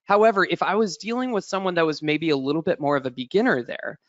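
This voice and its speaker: A man's voice: fairly high pitch, fast, no echo, dull audio. A man coaching a singer in a webinar, encouraging and demonstrating notes as he talks. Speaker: vocal coach.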